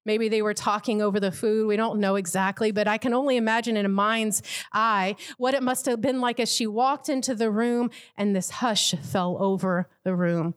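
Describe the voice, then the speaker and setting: A woman with a fairly high voice preaches a sermon. She tells the story vividly, slipping into imagined quotes from the people in the scene. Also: fairly even intonation, moderate pace, clear, resonant tone.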